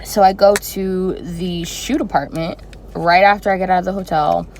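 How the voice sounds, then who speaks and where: A young woman telling a personal story in a casual vlog, animated and expressive with dramatic reactions. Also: lowish voice, moderate pace, slight background noise, rough recording. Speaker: flight attendant vlogger.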